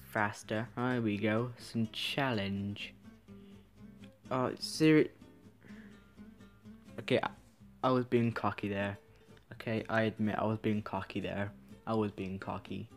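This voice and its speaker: A man's voice: lowish voice, level tone, moderate pace, soft background music. A man giving let's-play commentary, muttering to himself and swearing casually as he plays. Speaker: gaming video creator.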